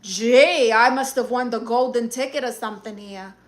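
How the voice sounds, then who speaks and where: A woman's voice: on the high side, normal speed. A woman from Brooklyn with a New York accent, casually chatting on a live stream and firing sassy comebacks at viewers. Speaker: comedian live-streamer reading chat.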